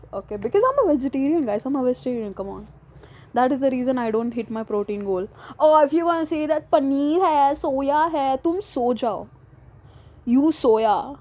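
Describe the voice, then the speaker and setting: Young woman with a cold, solo podcast host, slightly high voice, goofy sarcastic rambling. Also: animated, fairly quick, a little mellow. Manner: playful, rambling, sarcastic, mixes Hindi and English, laughs often. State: has a cold. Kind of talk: casual solo podcast chat.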